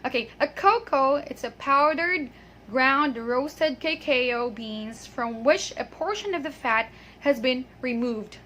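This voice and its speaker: A woman teaching an English pronunciation lesson. She is patient, models each word slowly and checks in often. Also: high-pitched, lively intonation, a bit bright, slight background noise. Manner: patient, drills words and checks with "okay?"; repeats words slowly to model them.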